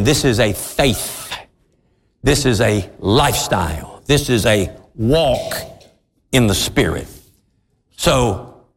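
A male preacher delivers a sermon in slow, deliberate phrases, his pitch swinging widely as he presses each point. His voice sits a little high and carries a long reverb from the church hall around him. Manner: slow, emphatic preaching that climbs to shouting.

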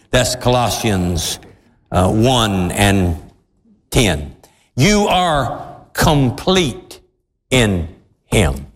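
Slow, emphatic male preacher in a reverberant hall. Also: on the low side, big pitch swings. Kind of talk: sermon. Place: church.

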